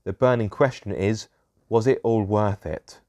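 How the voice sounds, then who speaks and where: A man's voice: on the low side, unhurried, heavy background noise. A young man narrating his own car repair vlog, grumbling in a self-deprecating way about fiddly parts. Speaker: car vlogger. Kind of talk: casual DIY vlog narration.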